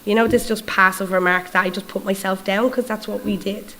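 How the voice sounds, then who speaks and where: An Irish woman preaching at a mid-range pitch, telling stories with lively energy. She acts out the dialogue in quoted voices and keeps checking in with her audience in a chatty, conversational way. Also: a little fast, slight background noise, rough recording. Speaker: guest preacher. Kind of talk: storytelling sermon.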